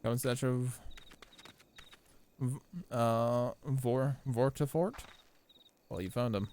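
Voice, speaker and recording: A man's voice: medium pitch, steady tone, slow, long pauses, a little mellow, slight background noise. A young man commentating his live game playthrough, blunt and profane, talking straight to his chat. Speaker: streamer.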